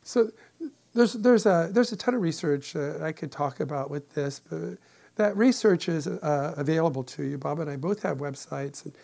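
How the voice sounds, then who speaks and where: Gravelly older man giving a meditation talk. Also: fairly high pitch, normal speed. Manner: calm, reflective, with gentle humor. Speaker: meditation teacher and therapist.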